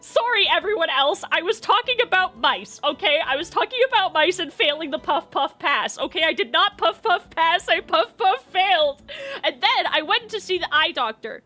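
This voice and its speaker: A woman's voice: extremely high pitch, lively intonation, normal speed, bright, forceful tone, soft background music. A young woman streaming, telling a rambling story in a chatty, self-deprecating way and laughing often.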